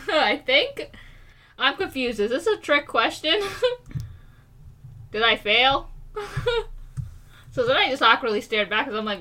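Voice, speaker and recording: A young American woman in casual chat, acting out quoted lines with big pitch jumps. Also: big pitch swings, slow, long pauses, pushed and bright. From United States.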